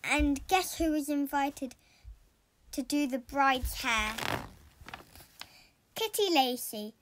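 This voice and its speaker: Storyteller: woman, high voice, slow and expressive picture-book reading. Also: background noise. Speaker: storybook reader.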